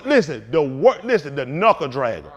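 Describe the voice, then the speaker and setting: A man preaching as a pastor in a fiery talk, swinging from low mutters to loud outbursts. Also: big pitch swings, moderate pace.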